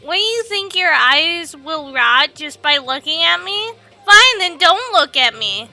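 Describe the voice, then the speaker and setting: A woman's voice: very high voice, big pitch swings, a little slow, bright, forceful tone, voice pushed up, exaggerated voice. A woman voicing a bitter, prickly young woman who snaps resentfully. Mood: snappish. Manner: snappish, resentful.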